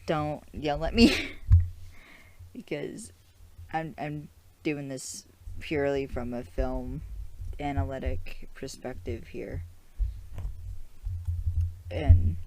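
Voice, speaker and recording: A young woman hosts a podcast in a casual, rambling recap style. Her voice sits low and sounds mellow. She chats loosely, filling her talk with "like"s and restarts. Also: slight background noise. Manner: chatty, rambling, with frequent "like" and restarts. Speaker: podcast host.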